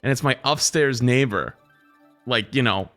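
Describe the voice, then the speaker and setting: A man streaming live, chatting casually with his viewers and telling stories in an animated way, jumping into other people's voices. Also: mid-range voice, measured pace, soft background music.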